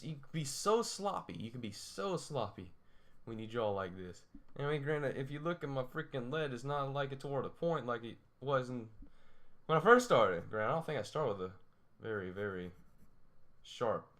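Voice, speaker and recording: With a medium-pitched, fairly bright voice, a young man hosts a drawing tutorial. He rambles to himself while he sketches, laughing frequently and self-deprecatingly mocking what he draws.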